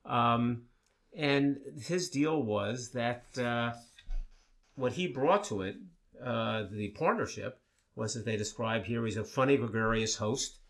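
A man co-hosting a casual talk show, telling stories in a relaxed way with many fillers. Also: mid-range voice, slow. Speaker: co-host. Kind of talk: casual conversational chat.

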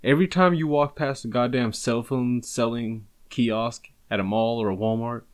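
A man trading crude jokes with friends in loose conversation. He swears freely and tells stories with a rambling, offhand delivery. His voice sits at an ordinary middle pitch. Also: fairly even intonation, normal speed. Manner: crude, joking, heavy swearing. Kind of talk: casual chat.

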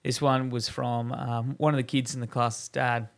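Gravelly man, laughing easily. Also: mid-range voice, level tone, moderate pace. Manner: laughs often, rambling, self-correcting. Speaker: podcast co-host. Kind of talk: casual chat, telling a joke.

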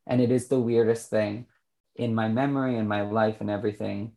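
A man, an author and interview guest, speaking candidly and reflectively, often pausing and restarting his sentences. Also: on the low side, level tone, creaky, mellow. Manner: reflective and halting, with frequent restarts.

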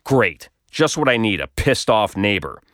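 A man's voice: fairly low pitch, sing-song, measured pace, a bit bright, no room sound. A man reading his own comic story aloud with wry, dry humor. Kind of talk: scripted narration.

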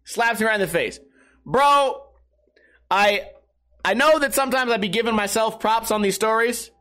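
High-voiced man telling wild stories. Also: moderate pace. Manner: animated, profane, laughing through stories. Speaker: streamer. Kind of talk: casual storytelling.

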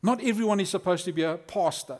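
A man preaching a lively, conversational sermon as a pastor, acting out quotes. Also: high voice, fast talker.

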